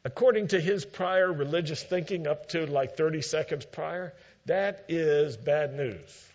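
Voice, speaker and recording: A man preaching a sermon, teaching in a measured way and acting out quoted lines with emphasis. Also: a little high, a little mellow, lo-fi sound.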